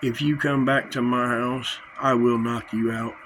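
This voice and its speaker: A man's voice: mid-range voice, little pitch movement, a little slow, a bit bright, a little hiss or hum, poor audio. A man delivering an angry, confrontational vlog rant, full of threats and repetition. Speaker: vlogger. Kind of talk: angry direct-to-camera rant.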